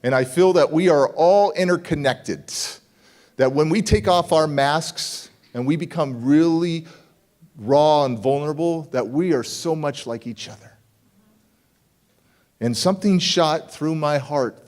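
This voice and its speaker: A man's voice: on the high side, a little slow, a little mellow. A man giving a motivational keynote, telling a story with punchy repeated phrases and acting out both sides of the dialogue. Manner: punchy, repeats key words for emphasis. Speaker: motivational speaker. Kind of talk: keynote speech. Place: conference hall stage.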